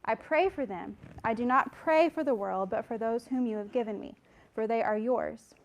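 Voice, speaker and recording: A woman with a slightly high voice, speaking at a normal pace, leads a Bible study and reads scripture aloud. She's earnest and conversational, drops in apologetic asides, and sounds a little out of breath at the microphone.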